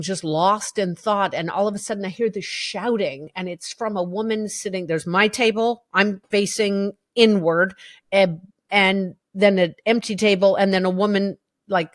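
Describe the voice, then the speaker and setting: A woman's voice: mid-range voice, dry recording, studio quality. A woman, a podcast guest, telling a personal story in an interview, vividly and emotionally, with restarts and acted-out quotes.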